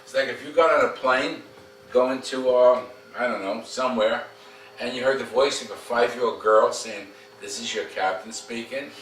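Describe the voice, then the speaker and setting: A man's voice: medium pitch, steady tone, normal speed, a bit bright. A man working as a dog trainer, coaching a dog owner at home in a direct way and often checking in with "okay?". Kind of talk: casual instruction at a home visit. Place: home room. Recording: roomy, distant camera mic, faint noise.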